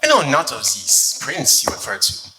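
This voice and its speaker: A man's voice: medium pitch, huge pitch swings, normal speed, pushed and bright, heavily acted, low-quality recording. An actor with a put-on French accent playing a vain, flirtatious eighteenth-century French nobleman, fencer and composer, in a comedic stage skit. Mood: boastful. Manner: pompous, boastful, theatrical.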